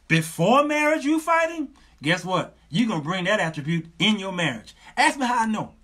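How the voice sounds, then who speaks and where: Middle-aged male host with a bright, husky voice; animated, sermon-style advice, joking and repeating himself. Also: high-pitched, a little fast. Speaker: talk show host.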